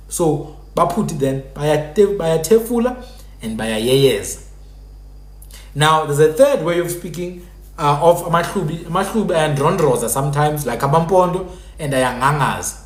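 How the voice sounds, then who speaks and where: A man's voice: on the high side, lively intonation, moderate pace. Man explaining at length in an echoey room. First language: Sephuthi. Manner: lecturing, repeats sounds to demonstrate speech patterns. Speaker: live stream host. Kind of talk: casual explanatory talk.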